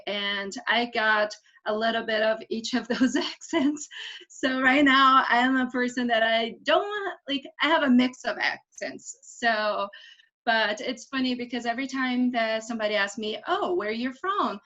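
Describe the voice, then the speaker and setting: A woman from Brazil, Portuguese-speaking by birth, chatting casually in a class and telling lively stories. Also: on the high side, normal speed. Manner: lively storytelling, laughs at herself. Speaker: class participant. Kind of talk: casual chat. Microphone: video call. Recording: dull lo-fi video call audio.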